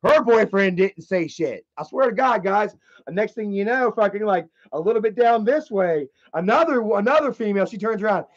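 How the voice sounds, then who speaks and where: A man streaming live, telling a story in a casual, rambling way, with lots of profanity and animated energy. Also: high-pitched, moderate pace. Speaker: livestreamer. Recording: slightly dull lo-fi stream audio.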